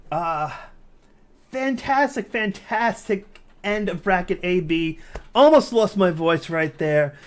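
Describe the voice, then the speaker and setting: A man giving live play-by-play commentary on a strategy game, talking to viewers as guys and building to excited near-shouting at big plays. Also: high voice, slow. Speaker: game caster.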